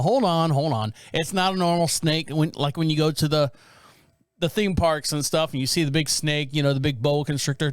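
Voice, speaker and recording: Casting note: male podcast host, high voice, dry close sound, rambling and animated. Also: dry recording. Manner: rambling, animated, acts out quotes. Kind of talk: casual commentary on viral videos.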